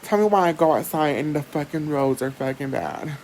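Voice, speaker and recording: A woman vlogger, telling a personal story in a chatty, animated way and swearing freely. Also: sits low, fairly quick, slight background noise, poor audio. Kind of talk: casual storytelling.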